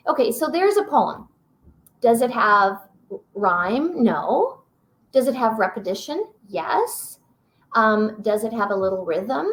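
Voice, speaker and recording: A woman's voice: fairly high pitch, very animated. A woman presenting a teaching webinar, reading short poems aloud and encouraging her viewers. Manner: warm, encouraging, reads poems slowly aloud.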